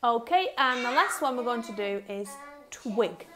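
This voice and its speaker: A young woman, a reception teacher leading a phonics lesson in a lively, sing-song way, sounding words out slowly. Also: on the high side.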